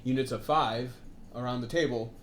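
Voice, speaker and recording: A man's voice: medium pitch, steady tone, a little fast, slight background noise. A man co-hosting a casual tabletop gaming chat, talking in rambling runs with lots of fillers and asides. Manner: rambling, many fillers and asides, laughs often. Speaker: co-host.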